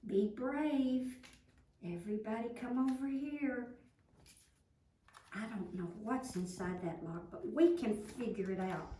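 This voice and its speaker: Woman doing a teasing boy animal for a kids' story, slow, roomy and distant. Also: a little high, dark tone, a little hiss or hum. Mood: encouraging.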